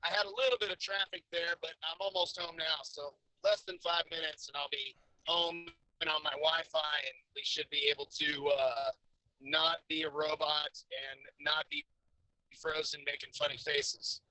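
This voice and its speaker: A man's voice: on the high side, level tone, normal speed, pushed and bright, no echo, rough recording. A man, a guest on a talk stream, chatting casually and joking while calling in from a car over a glitchy connection that makes him sound robotic. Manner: laid-back, joking, repeats words at starts. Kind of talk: casual chat. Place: in a vehicle on a weak connection.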